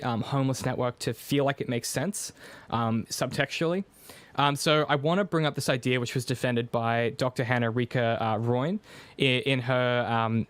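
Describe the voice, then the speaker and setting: A man's voice: medium pitch, clean tone, dry recording. A man co-hosting a show that breaks down a TV series, talking in a thoughtful, academic way with frequent restarts. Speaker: podcast co-host. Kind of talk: analytical casual discussion.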